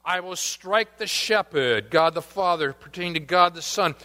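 A man preaching a sermon as pastor, reading scripture quotes aloud and moving between emphatic rises and quiet asides. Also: high-pitched, normal speed.

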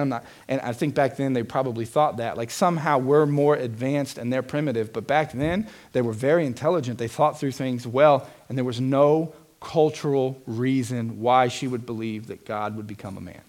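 A man's voice: medium pitch, normal speed, a little mellow. A man preaching a sermon as pastor, earnest and emphatic, putting direct questions to his congregation.

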